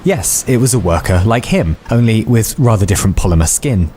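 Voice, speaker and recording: A man's voice: lowish voice, animated, a little fast, warm tone, a little hiss or hum. A man narrating a scripted story with a wry, playful delivery. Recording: faint music under the voice.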